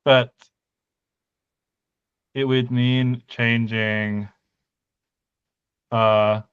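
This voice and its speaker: A man's voice: mid-range voice, little pitch movement, very slow, clean tone, no echo, highs cut off. A man co-hosting a casual podcast chat, thinking aloud with hesitant restarts. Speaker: podcast co-host. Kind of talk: casual chat about conlang sound changes.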